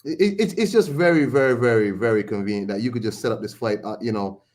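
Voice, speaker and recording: Halting male podcast co-host. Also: medium pitch, a little mellow. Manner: halting, stumbles and repeats words. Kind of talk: casual podcast chat.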